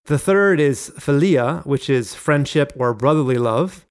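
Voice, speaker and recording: A man's voice: mid-range voice, lively intonation, a little slow, clear, resonant tone. Man teaching through Bible passages. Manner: explanatory, reads quotations aloud. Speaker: Bible study podcast host.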